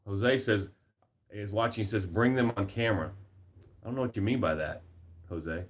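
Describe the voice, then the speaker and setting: A man's voice: on the low side, moderate pace. A man hosting a live motivational broadcast as a success coach, speaking emphatically in repeated phrases and reading viewer comments aloud. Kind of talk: motivational livestream talk. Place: home.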